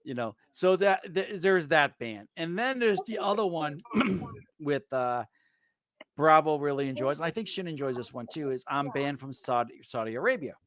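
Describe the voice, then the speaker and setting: A man co-hosting a casual chat, telling animated anecdotes and laughing mid-story. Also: fairly high pitch, moderate pace, lo-fi sound. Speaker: podcast co-host.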